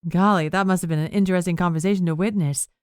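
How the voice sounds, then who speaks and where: A woman's voice: lowish voice, steady tone, fast, clear, resonant tone, no echo, clean studio sound, natural voice. A woman narrator voicing a cheerful, giggly young woman friend.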